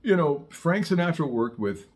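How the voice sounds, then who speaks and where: A middle-aged saxophone teacher, recorded in a Southern California studio, keeps his casual lesson chatty and drifts into digressions and wry asides. His voice is a little high with a darkish tone, lively intonation, and a moderate pace.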